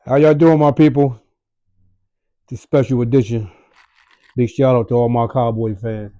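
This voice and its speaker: A man hosting his own casual monologue show, switching between loud greetings and a slow, loose talk with fillers and profanity. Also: medium pitch, steady tone, no echo, dull audio.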